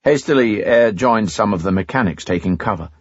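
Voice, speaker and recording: A man reading a novel aloud as an audiobook narrator in a steady, even way. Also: fairly low pitch, brisk, breathy edge, no echo, muffled recording. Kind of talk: scripted narration.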